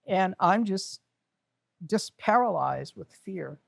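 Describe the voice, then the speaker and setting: A woman's voice: medium pitch, animated, slow pace, vocal fry, no room sound, studio quality. An older woman telling an emotional personal story on stage, candid and self-mocking. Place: community center event.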